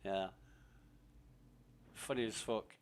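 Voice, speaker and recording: A man's voice: lowish voice, fairly even intonation, slow pace, clear, resonant tone. A man giving rambling, profane casual commentary while playing a game. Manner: rambling, profane, laughs easily. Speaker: gaming streamer.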